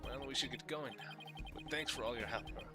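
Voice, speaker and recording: A man's voice: medium pitch, fairly quick, close to an everyday voice. A man voicing an earnest young male lawyer who is easily flustered, reading the lines in a plain voice. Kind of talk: reading game dialogue aloud. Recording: loud game music behind.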